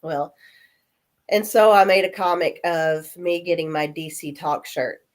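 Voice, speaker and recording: A woman in her forties, coming down with a cold, telling animated stories in a casual chat and acting out the voices of people in them. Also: lowish voice, a little slow. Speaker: guest. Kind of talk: casual storytelling.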